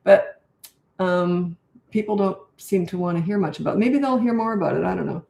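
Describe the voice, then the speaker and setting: An older woman answers viewer questions in an off-the-cuff live Q&A, blunt and matter-of-fact, with frequent restarts as she thinks aloud. Her voice sits fairly low, and the room around her is echoey. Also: a little fast, gravelly, a little mellow. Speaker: parenting coach.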